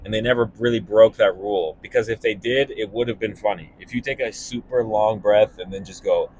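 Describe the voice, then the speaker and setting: A young man, a stand-up comedian, talking casually and animatedly while driving, breaking into laughs and quick voices. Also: on the low side, breathy edge. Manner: animated, laughing, jumping into impressions. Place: car.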